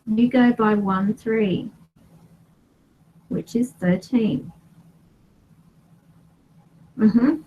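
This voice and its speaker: A woman's voice: on the high side, fairly even intonation, extremely slow, pauses often, highs cut off. A woman running a paranormal session for her vlog, firmly questioning and ordering unseen spirits. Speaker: paranormal investigator.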